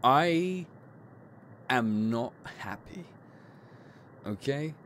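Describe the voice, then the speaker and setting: A man's voice: mid-range voice, animated, extremely slow, fairly bright tone, a little hiss or hum. A man doing horror game commentary, stressed and jumpy, swearing and yelping when startled, his voice breaking. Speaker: gaming streamer.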